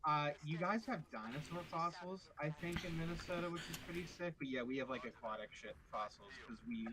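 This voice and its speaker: A man's voice: a little high, brisk, rough recording. A young man from Pennsylvania rambling casually while gaming, swearing heavily and filling gaps with "like". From Pennsylvania, USA. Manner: rambling, heavy swearing, fillers like "like". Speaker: gamer.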